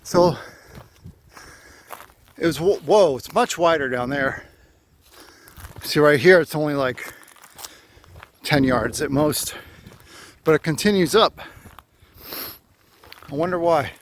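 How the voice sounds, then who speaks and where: Man, hiking vlog, slow unhurried speech, wry rambling asides, slightly winded, outdoors on a wooded trail, faint background noise. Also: on the high side. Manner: chatty, wry asides to himself. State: out of breath. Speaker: hiking vlogger.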